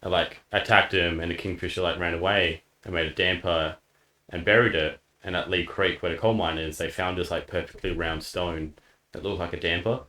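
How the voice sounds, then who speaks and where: An Australian man with a very deep voice chats loosely on a podcast. He fills his sentences with "like" as he goes. The room around him gives his voice a hollow echo. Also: steady tone, fairly quick, pushed and bright. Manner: rambling, leans heavily on "like". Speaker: podcast co-host. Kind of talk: casual chat. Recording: roomy echo.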